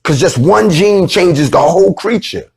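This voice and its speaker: A man with a husky, slightly rough voice lectures his listeners in a loose, preachy way. He is blunt and swears freely as he makes his points. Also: high voice, measured pace. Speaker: speaker addressing followers. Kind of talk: informal lecture.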